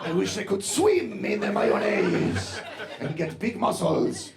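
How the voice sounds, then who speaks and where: A man on stage putting on his Colombian father, who speaks English with a heavy Latin American Spanish accent and hesitates with drawn-out "eh"s. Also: vocal fry, a crowd in the background, heavily acted. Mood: overeager. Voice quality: drawn-out "eh" hesitations, high excited pitch. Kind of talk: stand-up comedy.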